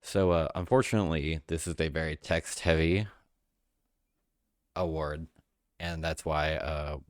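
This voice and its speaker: A man's voice: a bass voice, steady tone, measured pace, dry recording, studio quality. A man presenting mock awards on a live stream, talking through it off camera with many fillers and restarts, sounding emotional. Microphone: close mic, voice-over without camera.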